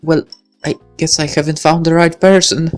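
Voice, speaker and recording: A woman's voice: low voice, steady tone, moderate pace, faint music behind, close to an everyday voice. A woman voicing a musing teen girl. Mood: shy. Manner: musing, self-questioning inner monologue. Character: young woman, thoughtful high school senior. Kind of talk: reading a visual novel aloud.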